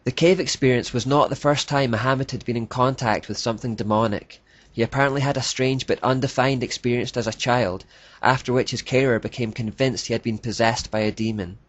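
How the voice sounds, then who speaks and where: A man reading scripted documentary narration in a measured, declarative way. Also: mid-range voice, fairly even intonation. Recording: dull lo-fi dry voice-over.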